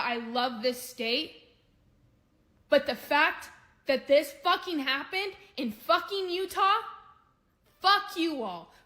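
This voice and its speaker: A woman's voice: high voice, fairly bright tone. A woman in an enraged reaction video, swearing and shaky with fury.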